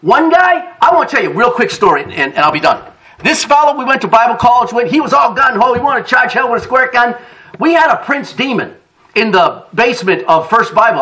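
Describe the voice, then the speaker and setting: Far from the microphone, a pastor with a high-pitched voice tells stories during his sermon. His delivery is animated, punctuated by laughter and dramatized quotes.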